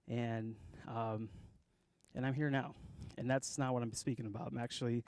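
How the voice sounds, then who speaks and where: A young man speaking to a church group, emotional and halting, with many fillers as he gives a personal testimony and then begins a sermon. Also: medium pitch, fairly even intonation, a little mellow, no room sound.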